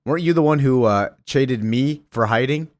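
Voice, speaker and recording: A man's voice: mid-range voice, moderate pace, a little mellow, no room sound, natural voice. A man casually voicing a boastful male cosmic tyrant, mixing grand threats with slang. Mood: menacing.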